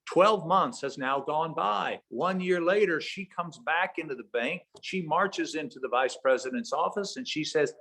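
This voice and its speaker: A leadership trainer speaks over a video call in a folksy, conversational webinar lecture, weaving in stories and tag questions. His voice is on the high side and a bit bright, moving at normal speed with few pauses.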